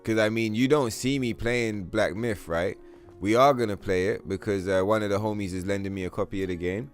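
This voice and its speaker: A man's voice: on the low side, steady tone, a little fast. A young man hosting a gaming livestream, chatting casually with viewers in a profane, rambling way full of fillers. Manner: reads chat aloud and answers viewers. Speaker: livestream host. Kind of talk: casual gaming stream chat. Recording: faint music behind the voice.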